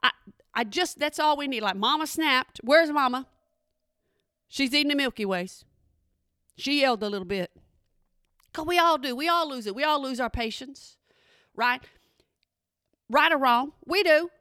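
Casting: middle-aged woman, playful chat host, bright and fairly high, dry close sound. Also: animated, moderate pace, dry recording. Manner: chatty, playful, asks the audience questions. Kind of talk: casual comedic talk to an audience.

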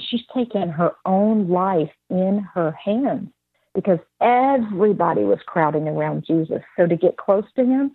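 Husky-voiced woman telling a testimony. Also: fairly low pitch, no echo. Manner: vivid storytelling, acting out the voices of the people in her story. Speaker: guest sharing a testimony. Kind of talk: animated spoken testimony. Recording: dry tinny phone-like line.

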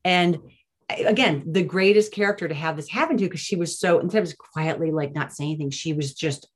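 A woman, a nurse and guest on an interview, telling stories in an animated, chatty way with many restarts. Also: low-pitched, brisk, husky. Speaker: nurse and plant-based diet advocate, guest. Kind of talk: casual interview storytelling.

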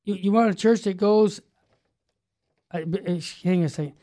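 A man hosting a religious talk radio show, teaching with fervent emphasis that builds to loud exclamations. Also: high voice, moderate pace.

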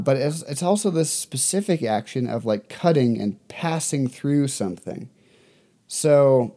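Mellow-voiced man teaching scripture. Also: on the high side. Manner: conversational, loose fillers, reads scripture then explains. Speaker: Bible teacher. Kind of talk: casual Bible teaching.

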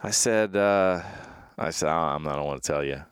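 A man's voice: very deep voice, moderate pace, smooth, no echo, studio quality. A man hosting a casual interview, telling a rambling story with lots of restarts. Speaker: podcast host.

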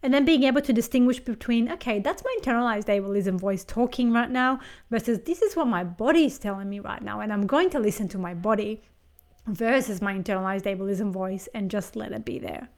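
A woman interviewer asking reflective questions and responding in a thoughtful, measured way. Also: medium pitch.

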